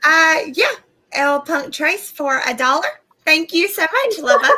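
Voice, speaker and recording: A woman's voice: high voice, animated, unhurried, a loud crowd. A woman co-hosting a live-stream podcast over a video call, playful and snarky with giggles. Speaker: podcast co-host. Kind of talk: casual live-stream chat.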